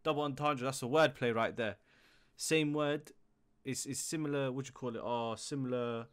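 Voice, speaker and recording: Brief: young man, reaction host, mid-pitched, casual slang, hype outbursts. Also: moderate pace. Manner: slang-heavy, breaks into loud hyped outbursts.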